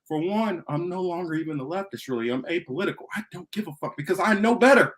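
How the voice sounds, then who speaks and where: A man's voice: sits high, expressive, fast, few pauses. A man hosting a political talk show, ranting emphatically with heavy profanity and repetition. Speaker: podcast host.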